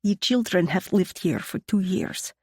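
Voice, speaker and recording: A woman's voice: lowish voice, animated, unhurried, darkish tone, breathy edge, no room sound, clean studio sound, exaggerated voice. A woman voicing a stern, formal older nanny in an audiobook. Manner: formal, scolding.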